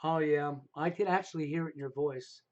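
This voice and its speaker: Middle-aged man, high voice, emphatic advice-giving host, muffled lo-fi stream audio. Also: steady tone, fairly quick. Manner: emphatic, repeats "okay?" to drive points home. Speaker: livestream host. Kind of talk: casual advice talk on a live stream.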